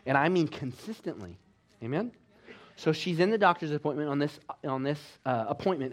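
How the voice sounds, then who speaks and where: A man preaching a sermon with exhortations, swinging between loud emphatic lines and quiet low ones. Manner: exhorting, with call-and-response asides. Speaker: pastor.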